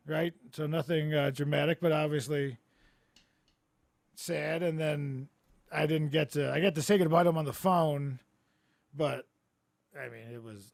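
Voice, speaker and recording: A man hosting a comedy podcast over a video call, telling rambling stories with deadpan absurd jokes. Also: on the high side, vocal fry, dry recording, studio quality. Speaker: podcast host. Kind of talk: casual comedic chat. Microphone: remote video call.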